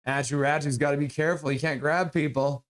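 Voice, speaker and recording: A stream host calls live hockey play-by-play with excitable energy, reading chat in between quick calls. His voice sits in the mid range.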